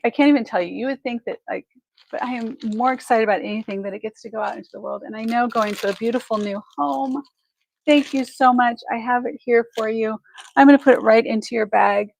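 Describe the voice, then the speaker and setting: A woman's voice: a little high, a little fast, gravelly, a little mellow, slight background noise, rough recording. A woman hosting a live online jewelry sale, chatty and effusive, thinking aloud as she measures pieces and thanks buyers. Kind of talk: live shopping stream chat.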